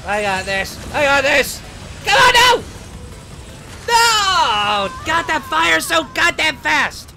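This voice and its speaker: A man's voice: a little high, lightly acted. A man playing a symmetry-obsessed young male reaper, giving short-tempered gameplay commentary and swearing at the game. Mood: annoyed, playful. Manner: easily agitated, swears and yells at the game. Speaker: gamer playing in character. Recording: game music playing behind the voice.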